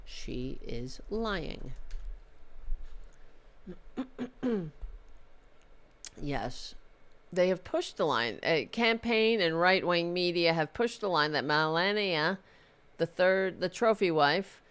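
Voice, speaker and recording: A woman's voice: on the low side, lively intonation, slow, pauses often, a bit bright, smooth. Profane, sarcastic woman vlogger. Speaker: political vlogger. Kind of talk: ranting political commentary.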